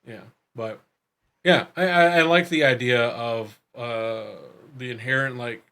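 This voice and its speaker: Brief: male co-host, bright tone, rambling and thinking aloud. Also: medium pitch, clean tone. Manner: rambling, halting, with many fillers and restarts. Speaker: podcast co-host. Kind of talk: casual chat.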